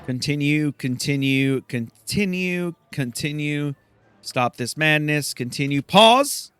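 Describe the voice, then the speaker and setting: A young man hosting a let's play, casually thinking aloud and reacting excitably. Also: on the high side, slow, smooth, no echo. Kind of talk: gameplay commentary.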